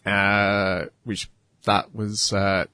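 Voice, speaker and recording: A man's voice: lowish voice, level tone, extremely slow, sharp tone, no echo. Hesitant man reviewing anime, dry sound. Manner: hesitant, filler-heavy, wry. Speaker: podcast co-host. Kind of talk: casual chat reviewing anime.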